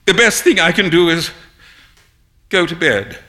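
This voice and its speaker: A sheepish young gentleman who grumbles over his bad luck , as a male reader puts him on. His voice is bright and lively in pitch, and his tone stays sulky. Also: measured pace.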